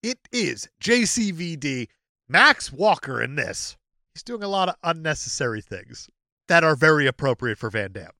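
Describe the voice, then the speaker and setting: A man with a fairly high, bright voice co-hosts a movie podcast. He jokes and reads reviews aloud with lively swings in pitch. The sound is dry and close. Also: moderate pace, no echo. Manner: joking, reads out reviews with laughs. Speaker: podcast co-host. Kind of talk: casual chat.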